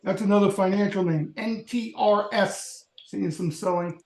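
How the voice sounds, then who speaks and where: High, gravelly man in an echoey room. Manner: quick market callouts, dry jokes. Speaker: trading stream regular. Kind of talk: live market banter.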